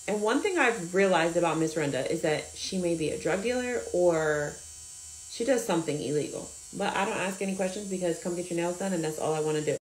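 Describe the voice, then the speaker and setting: Nail tech woman telling a storytime, animated, acts out the quotes, low-ish voice, echoey room. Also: fairly quick, a little hiss or hum. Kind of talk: storytime recounting a client.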